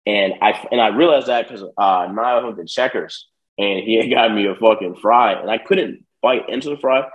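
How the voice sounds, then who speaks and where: A man's voice: on the low side, normal speed, muffled recording. A young man casually telling a long personal story, swearing often and acting out the people in it. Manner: profane, streetwise, animated retelling. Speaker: podcast guest.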